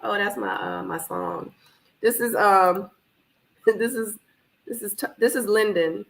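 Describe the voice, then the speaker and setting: A woman hosting a live reaction stream from her home office, a little hoarse from being under the weather, animated and laughing as she talks back to the screen. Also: mid-range voice, a little slow, low-quality recording. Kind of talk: casual live watch-party chat. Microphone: camera microphone.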